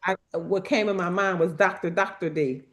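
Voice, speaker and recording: A woman guest on a spiritual group call, speaking earnestly and haltingly, often repeating her words. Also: on the low side, steady tone. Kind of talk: casual testimony on a group call.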